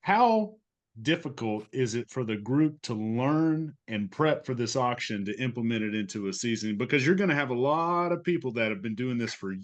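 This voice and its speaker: A man's voice: medium pitch, animated, normal speed. A man co-hosting a podcast, teasing the others and posing questions in casual chat. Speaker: podcast co-host.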